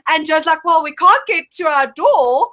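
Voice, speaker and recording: A woman hosts a casual talk show, telling a story with lots of animation and laughter. Her voice sits high and sounds bright. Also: expressive, moderate pace. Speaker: host.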